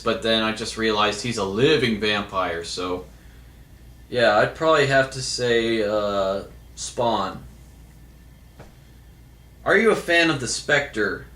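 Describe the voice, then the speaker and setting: Bright-voiced man in casual Q&A. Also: lowish voice, lively intonation, slow pace, pauses often, echoey room. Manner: hesitant, many fillers and restarts. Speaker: vlogger answering viewer questions. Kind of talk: casual Q&A monologue.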